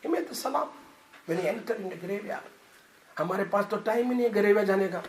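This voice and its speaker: A man preaching a Friday sermon in a mosque, moving from hushed words to shouts and mixing in Arabic and Hindi-Urdu phrases. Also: high voice, very fast. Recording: echoey mosque room, faint noise.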